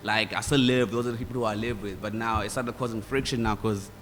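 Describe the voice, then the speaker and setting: A man's voice: on the low side, quick pace. Durban man telling stories, roomy hall. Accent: South African, Durban. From South Africa. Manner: relaxed, rambling, mixes in Zulu phrases and mimics voices. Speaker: guest musician. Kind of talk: casual interview storytelling. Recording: hall reverb with faint ambient noise.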